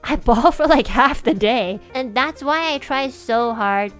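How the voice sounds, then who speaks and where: A woman's voice: high voice, a little slow, soft background music. Emotional, rambling woman streamer. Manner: rambling, heavy use of "like", swears freely; emotional, voice cracking at times. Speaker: livestreamer. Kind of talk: casual stream chat.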